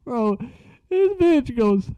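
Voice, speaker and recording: A man's voice: very high-pitched, sing-song, extremely slow, smooth, no echo. A young man casually telling a story from school, slangy and profane, laughing as he goes. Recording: dull lo-fi sound.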